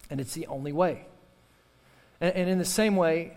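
A man's voice: fairly high pitch, normal speed, darkish tone, big-room sound. A male pastor preaching a sermon with fervor, repeating key phrases and calling on the congregation to respond. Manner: impassioned preaching with repetition and call-and-response.

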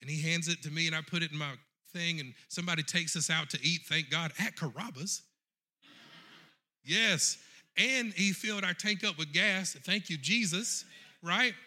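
A middle-aged man preaches a sermon at normal speed, his very bright, forceful voice carrying across the room at a pitch slightly high for a man. Fully animated in the pulpit, he keeps addressing the congregation directly as he tells his story.

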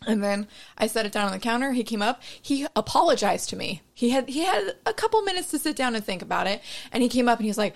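Young woman ranting frankly bout work, gravelly voice, swears a lot. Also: on the high side, quick pace. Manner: frank, animated, swears freely. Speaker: barista, podcast co-host. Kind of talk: casual chat, storytelling.

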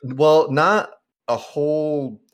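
A man's voice: a little high, very slow. A young man co-hosting a podcast in casual chat, rambling with lots of filler words and the odd swear. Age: young adult. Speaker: podcast co-host.

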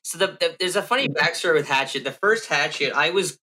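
A man's voice: fairly high pitch, lively intonation, quick pace, sharp tone, low-quality recording. A man hosting a podcast, chatting casually and recalling his own anecdotes. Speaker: podcast host. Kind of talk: casual interview chat.

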